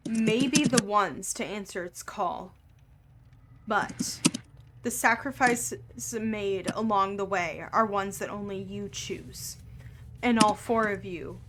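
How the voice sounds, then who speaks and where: A woman running a tabletop game as game master, narrating scenes in an unhurried, descriptive way. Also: medium pitch, heavy background noise.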